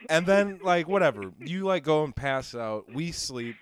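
A man's voice: fairly high pitch, a little slow, clean tone. A man retelling a wild night out in casual chat, laughing and swearing a lot. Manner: laughing, profane, animated retelling with impressions.

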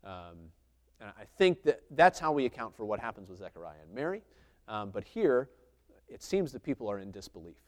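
A man's voice: on the low side, sing-song, fairly quick. A man giving a conversational sermon, teaching through a Bible passage and thinking aloud with many filler sounds.

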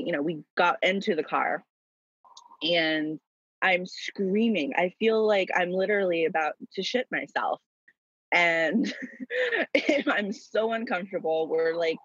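Young woman with a husky lowish voice, dramatic story, laughing a lot, kinda dull dry sound. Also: no echo. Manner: lively, laughing, dramatic retelling. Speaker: guest telling a story. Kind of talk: animated personal storytelling.

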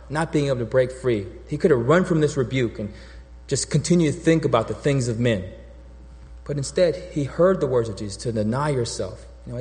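A man preaches a conversational sermon, often restarting his sentences and slipping into the voices of the people he quotes. His voice sits at an ordinary middle pitch for a man. It rings out with a long reverb, as in a large church hall. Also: a little mellow. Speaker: pastor.

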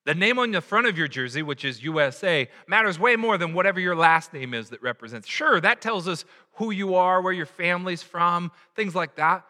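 A man's voice: high-pitched, animated, moderate pace, few pauses, pushed and bright, voice pushed up, exaggerated voice. A man voicing a hockey coach giving his team a firm, emphatic talk. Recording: echoey hall.

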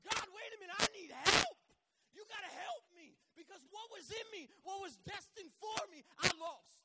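A pastor acting out a desperate man shouting to God for help, loud and pleading. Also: very high voice, lively intonation, moderate pace, heavy background noise, pitched above the performer's own voice.

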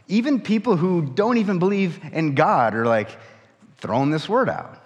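A man, a pastor, reading scripture and then preaching in a conversational, animated way with folksy asides. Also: sits high, moderate pace. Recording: church hall reverb.

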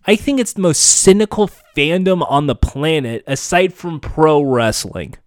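A man's voice: a little high, lively intonation, a little slow, no room sound. A man hosting a podcast in casual chat, candid and sarcastic, swearing freely. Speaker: podcast host.

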